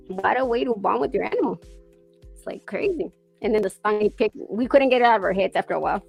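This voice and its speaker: A woman's voice: medium pitch, animated, fast, creaky, husky, faint music behind. A woman hosting a casual chat, rambling through stories with plenty of swearing and laughter. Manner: profane, rambling storyteller who laughs often. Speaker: podcast host.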